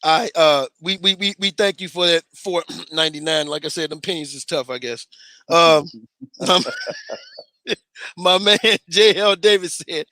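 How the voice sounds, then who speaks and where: High, bright-voiced man laughing on a podcast. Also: measured pace, dry recording. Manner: laughing, profane, acts out quotes. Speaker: podcast co-host. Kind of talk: casual boxing podcast banter.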